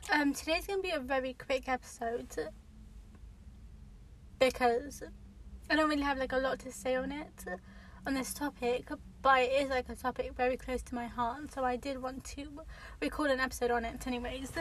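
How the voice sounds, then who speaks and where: A young woman with a high-sitting voice and fairly even intonation talks at a moderate pace on a low-quality recording. Hosting her own podcast from a parked car near an airport, with faint airplane noise around, she chats casually, rambling and full of fillers and self-corrections.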